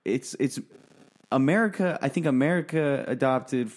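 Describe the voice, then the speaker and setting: A young man sits in as a guest on a casual podcast. He talks in hesitant, halting bits and cuts into the host's talk. His pitch is medium.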